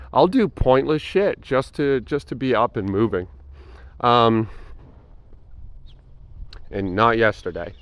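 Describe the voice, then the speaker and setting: A man's voice: on the low side, a bit bright, dry recording. A tired man talking casually and reflectively over his workout, rambling with fillers and a self-deprecating tone. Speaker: fitness vlogger. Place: home gym.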